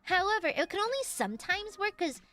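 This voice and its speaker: A woman streamer telling a story in a casual chat, animated and swearing freely. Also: extremely high pitch, brisk. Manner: animated, acts out the voices in her stories; swears casually, lots of fillers.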